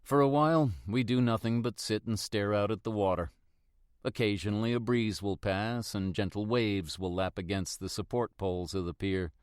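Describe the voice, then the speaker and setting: A man narrating a first-person mystery audiobook in a steady, reflective manner. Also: fairly low pitch, moderate pace, clean tone, no room sound, studio quality.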